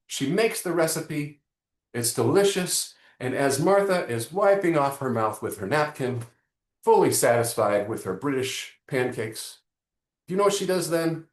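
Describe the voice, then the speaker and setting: A man hosting a live online marketing lesson, joking and talking straight to his audience in an animated way. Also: fairly high pitch, echoey room. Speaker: webinar host.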